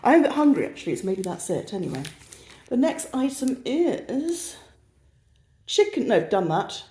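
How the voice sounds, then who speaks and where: A chatty British woman in her thirties talks through her groceries, teasing herself and wandering off track. Her pitch rises and falls in a lively way. The room around her is echoey. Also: normal speed. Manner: chatty, self-mocking, easily sidetracked. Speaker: vlogger. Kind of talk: casual haul vlog.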